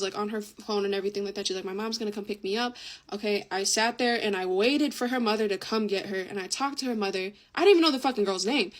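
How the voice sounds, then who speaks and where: A young woman telling a casual storytime while doing her makeup, chatty and full of swearing and fillers. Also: on the high side.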